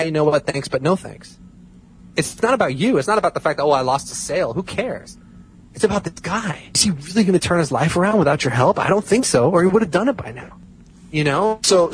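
Emphatic man with a higher voice. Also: a little hiss or hum, poor audio. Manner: emphatic, repeats points for stress. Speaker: podcast guest. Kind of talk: casual chat.

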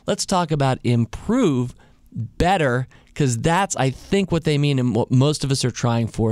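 A man hosting a podcast alone. He talks casually and thinks out loud, and he asks many rhetorical questions. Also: medium pitch, lively intonation, a little slow, no room sound, studio quality. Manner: reflective, full of rhetorical questions. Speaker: podcast host. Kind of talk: casual solo monologue.

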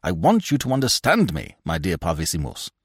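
A man's voice: sits low, wildly swooping pitch, a little fast, slightly rough, no room sound, studio quality, heavily acted. A man voicing a heavy, sly, leering middle-aged theatre manager who talks in a bluff, wheedling way.

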